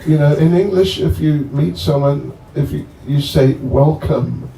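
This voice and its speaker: With a gravelly, dark, slightly high voice, a man jokes and chats his way through introducing a guest to devotees at a bonfire gathering, taking his time and rambling. It's recorded distantly, with echo and faint ambient noise.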